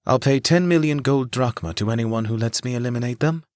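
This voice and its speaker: A man voicing an arrogant royal heir in an audiobook, speaking slowly and coldly. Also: medium pitch, darkish tone, dry recording, clean studio sound, voice pushed up, lightly acted. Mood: haughty. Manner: slow, haughty.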